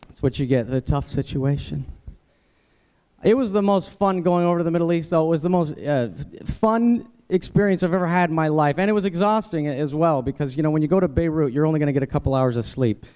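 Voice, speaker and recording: A man's voice: fast talker, dark tone, clear, resonant tone. Stand-up comedian man, chatty delivery. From United States. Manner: conversational, jumps into high-pitched character voices for quoted people. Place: dinner event hall, live audience.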